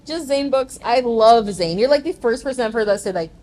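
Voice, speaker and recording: A woman hosting a casual podcast chat, her voice sitting a little high. She talks freely, agrees often and laughs easily. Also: lively intonation, brisk, a little mellow. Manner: chatty, affirms often, laughs readily. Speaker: podcast host.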